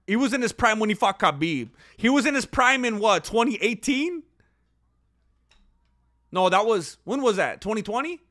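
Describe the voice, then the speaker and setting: Young man, high voice, bright tone, casual live fight reaction, opinionated. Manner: opinionated, talks to viewers, gets loud when excited. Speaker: fight watch-along commentator.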